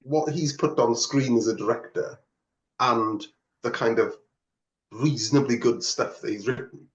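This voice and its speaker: A man's voice: mid-range voice, measured pace. A man co-hosting a podcast, making emphatic, wry points in casual chat. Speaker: podcast co-host. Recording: roomy, dull lo-fi remote audio.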